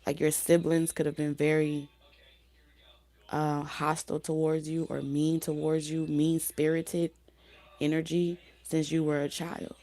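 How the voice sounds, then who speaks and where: A woman giving a casual spoken tarot reading, talking loosely with many fillers and restarts, her voice going hoarse. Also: sits low, flat delivery, unhurried, dark tone. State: losing her voice. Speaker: tarot reader.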